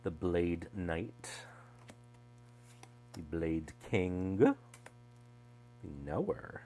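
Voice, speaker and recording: Chatty wry man with a low voice. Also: very slow, long pauses, dark tone. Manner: chatty, wry asides, trails off mid-thought. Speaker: tarot deck reviewer. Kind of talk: casual unboxing chat. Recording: mains hum underneath.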